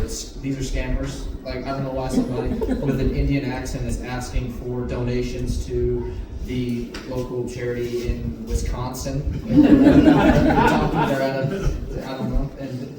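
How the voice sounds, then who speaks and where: A man telling a family memory in a rambling, heartfelt way. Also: medium pitch. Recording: distant mic, echoey hall, loud noise.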